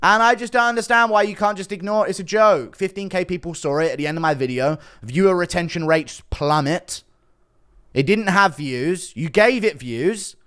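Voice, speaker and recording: A man's voice: high voice, moderate pace, fairly bright tone, clean tone. A man ranting casually as an online commentator, defensive and sarcastic, swearing often. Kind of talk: casual rant to camera.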